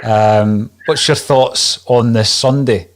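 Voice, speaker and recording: A man's voice: medium pitch, steady tone, slow. Man hosting a football podcast. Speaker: podcast host. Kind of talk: casual football chat.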